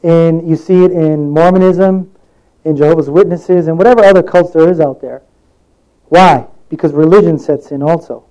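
A man's voice: fairly high pitch, normal speed, dark tone, dull audio. A man giving a sermon in a conversational way, telling stories from his own life and acting out the voices in them. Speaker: preacher.

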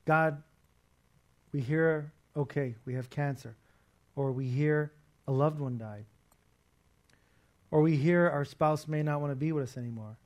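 Male preacher, conversational and animated delivery, fairly high pitch. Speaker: pastor. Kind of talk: sermon.

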